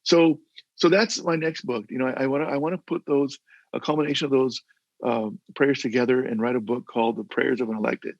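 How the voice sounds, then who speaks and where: An older man with a gravelly, husky voice talks in a casual interview over a video call. He tells his stories earnestly and rambles, restarting his sentences often. The dull, dry audio has little room sound. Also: medium pitch, fairly even intonation, a little fast, no room sound. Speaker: guest, former mayor.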